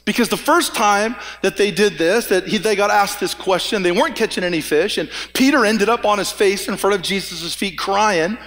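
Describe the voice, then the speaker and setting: A man's voice: high-pitched, normal speed, few pauses, a bit bright. A man preaching a sermon as a pastor, telling the story in a conversational way and acting out the dialogue. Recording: long reverb of a church hall.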